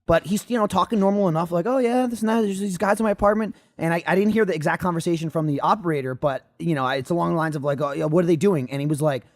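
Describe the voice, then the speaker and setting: Young guy, high voice, rattles through an anecdote in animated, sweary storytelling. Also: fast, few pauses. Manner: animated, swearing, acts out quotes. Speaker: podcast regular. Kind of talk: casual storytelling.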